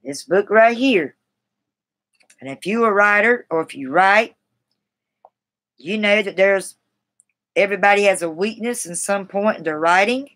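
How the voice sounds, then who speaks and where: In a mid-range, slightly bright voice, a woman on a live stream reads grammar book passages at a measured pace with long pauses. She often halts and restarts words, breaking off to chat with viewers in a self-deprecating way.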